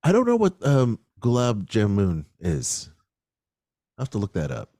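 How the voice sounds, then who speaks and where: A man with a very low voice chats on a podcast, playful and quick with a joke. He laughs easily. The sound is dry and close, with no room echo. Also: wildly swooping pitch, warm tone. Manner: playful, jokey, laughs often. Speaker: podcast co-host. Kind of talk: casual chat.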